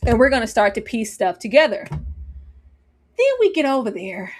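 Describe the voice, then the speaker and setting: Woman, TV reviewer, casual chat, fairly high voice, animated, laughs a lot. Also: unhurried. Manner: animated, laughs often, acts out scenes. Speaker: TV series reviewer on a panel.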